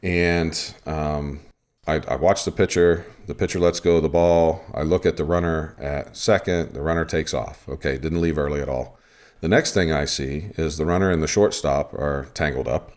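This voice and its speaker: On his podcast, a bass-voiced man talking at normal speed relives a game from his umpiring days. His retelling is casual, lively and full of energy.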